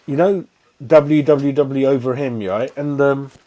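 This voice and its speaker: A man's voice: medium pitch, measured pace, warm tone, a little hiss or hum. A man giving a heated, rambling fan reaction after a football match, repeating himself in exasperation. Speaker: fan channel pundit.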